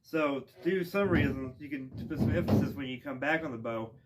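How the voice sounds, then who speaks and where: A man giving a casual instrument lesson outdoors, relaxed and rambling with plenty of ums and restarts. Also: mid-range voice, fairly quick, heavy background noise. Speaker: music teacher. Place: outdoors with wind. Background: bowed string instrument playing.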